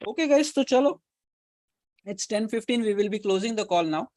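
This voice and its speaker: A man's voice: high voice, expressive, brisk, darkish tone, no echo. A man with an Indian English accent coaching a live online session, giving instructions and repeating key advice, with Hindi words mixed in. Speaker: career coach hosting a live Q&A call.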